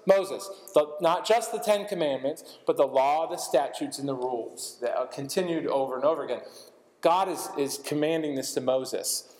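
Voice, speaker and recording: A man's voice: fairly high pitch, roomy sound, long reverb tail, rough recording. A man preaching a sermon, walking through scripture passages and adding light asides as he reads. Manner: expository, reading scripture aloud with asides. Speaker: pastor.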